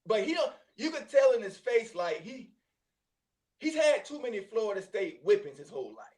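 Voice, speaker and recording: Animated high-voiced man, laughing often. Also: moderate pace. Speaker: host. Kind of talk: casual sports chat.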